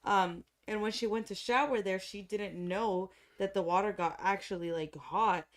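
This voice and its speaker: A woman's voice: mid-range voice, moderate pace. Rambling woman in casual chat. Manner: rambling, fills with "like" constantly.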